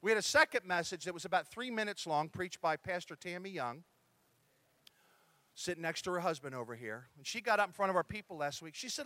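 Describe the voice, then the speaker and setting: High, bright-voiced male pastor. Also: fast, dry recording. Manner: lively, conversational preaching with asides to the congregation. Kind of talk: sermon.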